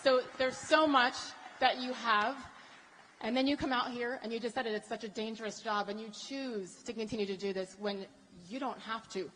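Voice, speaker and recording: A woman's voice: fairly high pitch, fairly even intonation, moderate pace, slight background noise. A woman moderating a town hall, putting an earnest question that builds steadily in force. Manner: building, earnest, ends in loud repeated question. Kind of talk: posing a question at a live event. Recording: hall reverb with faint ambience.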